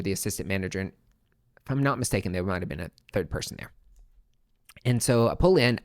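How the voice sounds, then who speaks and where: A young adult man, a podcast host, telling a personal story in a casual way, swearing freely and swinging between hushed and excited. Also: lowish voice, no echo, clean studio sound.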